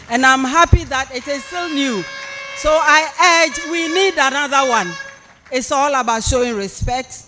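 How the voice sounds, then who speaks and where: A man's voice: very high-pitched, sharp tone. A man with a Ghanaian accent giving a public speech and reading a prepared address at a university policy lecture, with emphatic, repeated phrasing. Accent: Ghanaian English. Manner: emphatic, repetitive oratorical phrasing.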